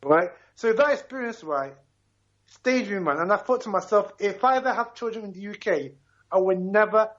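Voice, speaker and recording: With a high, slightly bright voice and lively intonation, a Ghanaian caller in his fifties talks at a normal speed on a radio talk show. He's emphatic and passionate, regularly tacking on "right?", and the recording's highs are cut off.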